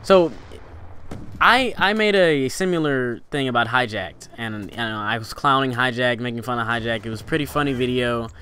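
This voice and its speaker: A man's voice: moderate pace, bright, forceful tone, a little hiss or hum. Rambling young man giving channel tips. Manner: rambling, with many fillers and restarts; pitch rising and falling for emphasis. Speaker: gaming channel host. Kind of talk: casual instructional vlog talk.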